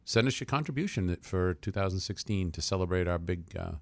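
A man's voice: low voice, animated, fairly quick, no room sound. A man speaking for a community center on a radio show, chatty and full of fillers. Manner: chatty, filler-heavy, promotional, laughs easily. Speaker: nonprofit center representative, guest. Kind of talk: casual radio chat.

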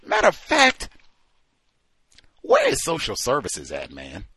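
A man's voice: medium pitch, wildly swooping pitch, unhurried, creaky, pushed and bright, slightly rough, no echo. A man hosting a call-in show, giving emphatic, sarcastic commentary. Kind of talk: talk radio commentary.

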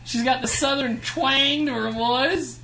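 A man's voice: extremely high pitch, measured pace, creaky. A man hosting a casual radio show, joking and swearing casually as he introduces his guests. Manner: animated, jokey, swears casually.

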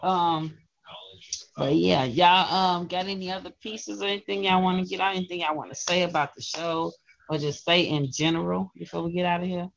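A woman hosting a casual radio talk show, telling her news in an animated, emphatic way. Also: lowish voice, moderate pace, vocal fry. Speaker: poet and show host. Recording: dull, lo-fi call-in audio.

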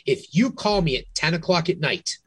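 Frank, rambling husky-voiced man. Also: a little high, lively intonation, moderate pace, dry recording. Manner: rambling, frank, restarts often. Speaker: realtor podcast co-host. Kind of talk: casual podcast chat.

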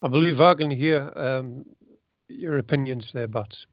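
Calm guy, lots of uhs, normal pitch, dry dull recording. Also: no echo. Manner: hesitant, measured, many fillers. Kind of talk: calm conversational pushback.

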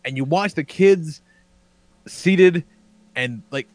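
Brief: lively, swearing male storyteller, slightly high voice, dry close mic. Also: slow pace, no echo. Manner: profane, excitable, laughing storyteller. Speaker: podcast co-host. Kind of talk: animated storytelling.

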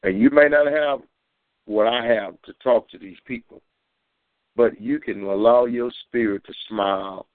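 A man preaching and telling a personal testimony on a community call, fervent, with sudden high bursts when he quotes himself. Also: unhurried, no echo. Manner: fervent storytelling, climbing high for quoted shouts. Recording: tinny phone line.

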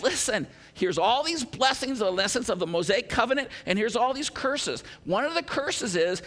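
A man's voice: extremely high pitch, pushed and bright. A man pastor preaching a sermon, teaching verse by verse with asides and a light joke.

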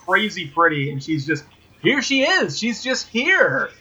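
A man co-hosting a casual podcast, talking in an animated way with lots of swearing and stammered restarts. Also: sits high, unhurried, husky, highs cut off. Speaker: podcast co-host.

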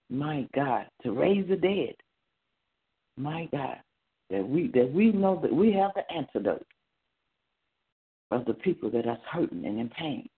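A man leads a morning prayer with the fervor of a sermon, repeating his phrases and pushing his voice up into cries. His voice sits a little high and swings widely in pitch. The sound comes through a thin, phone-like line. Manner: fervent, repetitive exhortation with rising cries. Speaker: preacher leading morning prayer.

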